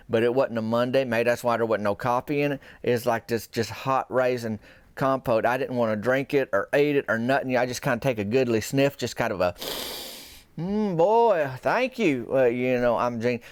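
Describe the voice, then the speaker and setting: A man with a drawl spins a long comic yarn in a slow, deadpan, folksy ramble. His voice is smooth and clear, at a middle pitch. The recording is dry and close. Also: no echo. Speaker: comedian storyteller.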